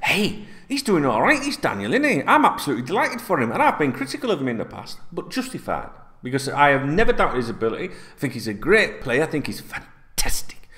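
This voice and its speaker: Swearing, rambling fan host. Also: male voice, on the high side, huge pitch swings, brisk, fairly bright tone. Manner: rambling, swears freely, chatty storyteller. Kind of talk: casual football fan chat to camera.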